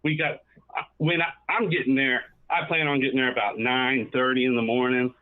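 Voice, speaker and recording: A man's voice: mid-range voice, fairly even intonation, fairly quick. Pumped-up man on a phone line.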